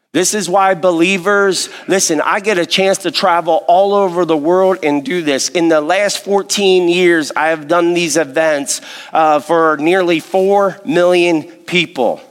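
A man preaching a sermon, reading scripture and earnestly asking the congregation questions. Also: on the high side. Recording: long hall reverb.

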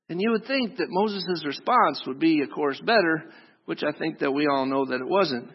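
A man's voice: on the high side, expressive, moderate pace, breathy edge. A man preaching a sermon in a casual, joking way, talking straight to his listeners. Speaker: pastor. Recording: dull lo-fi sound with long hall reverb.

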